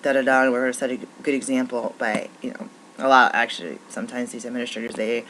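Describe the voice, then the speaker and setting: A woman's voice: very deep voice, steady tone, fast talker, noisy background. A woman who works as a naturopathic doctor, venting in a frustrated, rambling monologue full of restarts.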